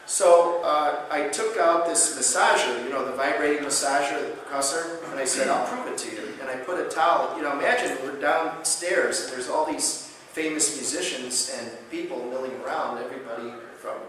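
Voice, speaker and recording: Animated male lecturer in an echoey hall. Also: normal speed, recorded from a distance, slight background noise. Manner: animated storyteller, acts out quotes with big pitch jumps. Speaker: chiropractor giving a conference lecture. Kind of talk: storytelling lecture. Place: conference hall.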